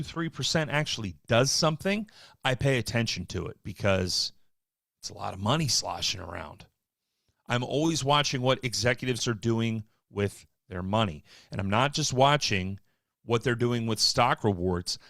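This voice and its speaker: A man hosting a live stock market show, talking casually with wry, offhand asides and quick bursts. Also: mid-range voice, a bit bright, no room sound, clean studio sound. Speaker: market livestream host.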